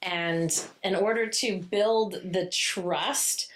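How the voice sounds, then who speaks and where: Chatty woman podcast co-host, animated. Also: extremely slow. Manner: animated retelling, acts out characters' lines with playful high voices; loose and chatty, many fillers and laughs. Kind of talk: casual book-discussion chat.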